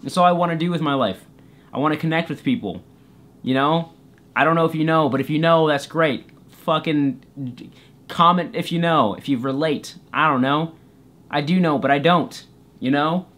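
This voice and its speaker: A young man with a somewhat high voice tells a comedic story to camera. He is goofy and self-deprecating. He slips into playful voices for the people in the tale. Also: normal speed, a bit bright. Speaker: YouTuber storyteller. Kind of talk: comedic story time vlog.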